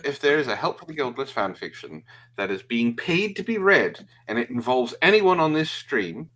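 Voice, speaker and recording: A man co-hosting a casual online show, jumping into the talk with excitement. His voice is animated, with wide pitch swings. He cuts in eagerly on the other speakers. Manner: excitable, quick to interrupt. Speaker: co-host. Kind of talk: casual stream banter.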